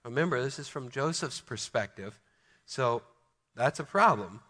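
A male pastor preaching a sermon, emphatic, slowing down to stress key words. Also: mid-range voice, lively intonation, bright, forceful tone, long reverb tail.

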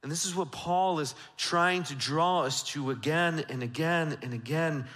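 Male pastor, bright and forceful, preaching in a church with a long echo, dropping from emphatic to hushed. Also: on the high side, measured pace. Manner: swings from loud emphatic to hushed intimate. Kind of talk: sermon. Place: church sanctuary. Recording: church sanctuary with long reverb.

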